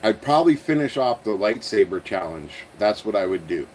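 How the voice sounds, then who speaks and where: A man's voice: on the low side, big pitch swings, fairly quick, darkish tone, a little hiss or hum, low-quality recording. A man with an Ontario Canadian accent, hosting a casual livestream. He rambles, chuckles at himself and trails off into mumbles while answering viewers. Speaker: host of a toy-building channel.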